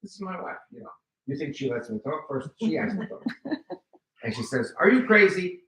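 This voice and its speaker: A man's voice: medium pitch, a little fast, roomy sound, distant mic, a little hiss or hum, poor audio. A man from the United States telling a humorous story to an audience and asking them questions. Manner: animated, joking, asks the audience questions. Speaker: guest speaker.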